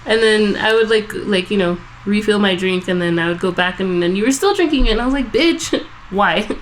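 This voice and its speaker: A woman's voice: mid-range voice, a little fast, slight background noise, rough recording. A woman casually telling a story on a podcast, swearing a lot and acting out quotes. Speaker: podcast co-host.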